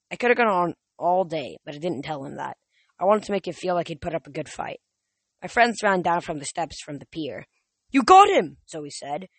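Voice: medium pitch, no echo. Casual audiobook reader, many slips. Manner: casual, with frequent slips and restarts. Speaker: narrator. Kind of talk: audiobook reading.

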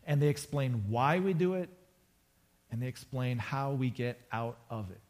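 A man's voice: mid-range voice, lively intonation, normal speed, a little mellow. A man preaching a conversational sermon to a congregation, casual and joking, repeating phrases for emphasis. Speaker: pastor. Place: church sanctuary before a congregation.

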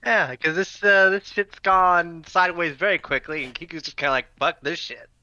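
A man's voice: high voice, moderate pace, pushed and bright, no room sound, muffled recording. A man playing a tabletop game, rambling in a laid-back way. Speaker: player. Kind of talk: casual tabletop game play.

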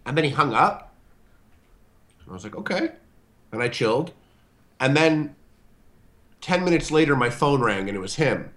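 A bright, forceful male voice over a video call, at a middle pitch. He tells a story casually and animatedly, fills it with "like" and "you know", and briefly acts out other people's voices. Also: moderate pace, pauses often. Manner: animated, acts out quoted voices, many fillers. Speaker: online video show host and guest storyteller.

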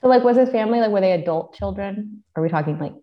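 A woman's voice: mid-range voice, animated, fast, lo-fi sound. Woman co-host, playful and reactive, casual banter full of questions. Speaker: podcast co-host. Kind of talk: casual chat.

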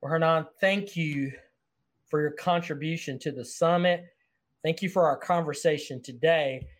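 A man in his forties with a Southern American accent, hosting an interview in a warm, encouraging manner. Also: on the high side, normal speed. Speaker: podcast host. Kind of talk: conversational interview.

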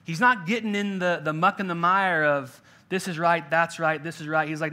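Casual young pastor guy, bright high-ish voice, lots of "like", laid-back sermon to a church crowd. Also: steady tone, moderate pace, hardly any pauses. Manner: conversational, jokey, lots of "like" fillers. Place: church in-person gathering.

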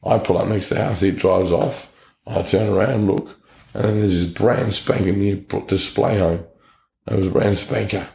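Australian man, low gravelly voice, warm dark tone, echoey room, blunt testimony. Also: fairly even intonation, normal speed. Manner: blunt, earnest storytelling with slang. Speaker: interview guest. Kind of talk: personal testimony.

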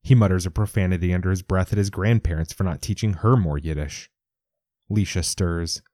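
Male narrator, deep and mellow, measured audiobook delivery, dry close read. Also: dry recording. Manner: measured, even storytelling.

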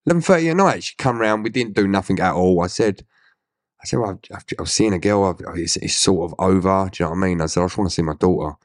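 Essex man in his thirties, low-voiced guest, blunt, swears, tells it straight; dry close mic. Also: fast talker, dry recording. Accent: Essex English. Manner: blunt, swears, acts out quoted dialogue. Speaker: interview guest. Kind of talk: candid storytelling interview.

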